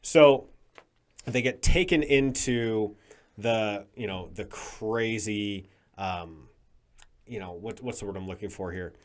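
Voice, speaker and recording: A man guesting on a podcast, telling stories in an animated, emphatic way during casual chat. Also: lowish voice, slow pace.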